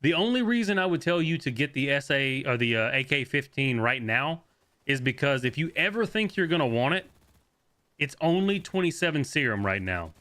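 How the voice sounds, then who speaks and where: A young man streaming a shooter game, talking fast and loose as he plays, swearing, laughing and answering chat. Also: mid-range voice, sing-song, sharp tone. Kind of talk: live gameplay commentary.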